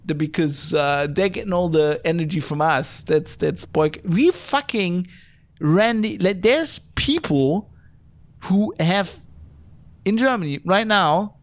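A man's voice: sits high, expressive, takes it slowly. Middle-aged guy podcast host going off on a rant, lots of swearing, fed up. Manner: profane, exasperated ranting. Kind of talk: ranting podcast monologue.

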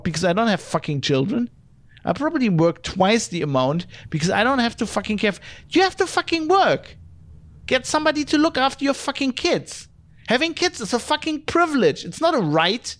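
A middle-aged man hosting a podcast, ranting in an exasperated, profane monologue. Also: high voice. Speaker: podcast host.

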